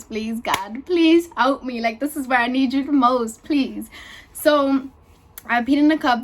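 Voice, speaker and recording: A young woman vlogger casually tells her channel a personal story, chatty and full of fillers and "y'all." Her voice is a little high, with slight background noise.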